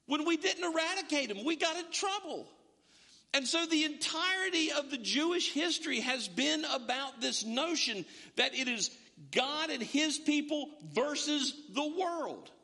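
A male pastor delivers a sermon with a very high, bright and forceful voice. He is emphatic and stacks repeated words as he drives each point home. The sound carries a long reverb from a large hall. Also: lively intonation, measured pace.

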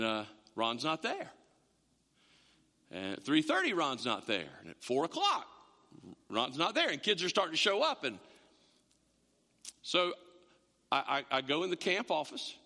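A man's voice: on the high side, sharp tone. A man preaching a sermon, telling stories with quoted voices and repeated words, as a pastor to a congregation. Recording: long hall reverb.

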